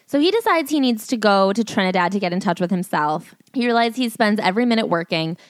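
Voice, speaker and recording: A woman's voice: mid-range voice, lively intonation, quick pace, no room sound, clean studio sound. A woman co-hosting a comedy podcast, reacting to a book with exasperated, incredulous commentary. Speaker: podcast co-host.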